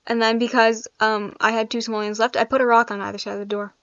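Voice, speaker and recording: A fairly high-voiced woman chats her way through a build game, thinking aloud and laughing often. The sound is dry and a bit dull, recorded close on a desk mic. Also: level tone, fast, fairly bright tone, dry recording. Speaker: gaming YouTuber. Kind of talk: casual gameplay commentary.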